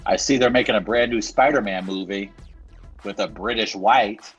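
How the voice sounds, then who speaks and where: A man co-hosting a comedy podcast, delivering a mock-serious, deadpan running gag. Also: lowish voice, normal speed, breathy edge, dull audio, faint music behind. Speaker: podcast co-host.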